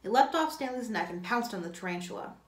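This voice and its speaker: A woman's voice: fairly high pitch, animated, fast talker. A woman, a teacher, reading a novel aloud, with occasional slips and self-corrections. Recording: echoey room.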